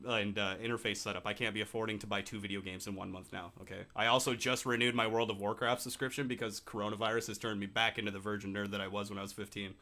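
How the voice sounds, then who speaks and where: Brief: young male co-host, casual and crude, creaky low-key delivery. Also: level tone, quick pace, few pauses, bright, forceful tone. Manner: laid-back, profane, joking. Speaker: podcast co-host. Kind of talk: casual chat.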